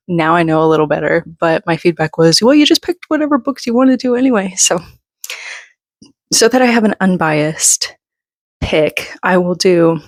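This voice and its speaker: A woman's voice: sits low, no echo, clean studio sound. A woman in her thirties, a little out of breath, chatting in a rambling, self-deprecating way from her bedroom floor. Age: 30s. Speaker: book vlogger. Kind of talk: casual chat.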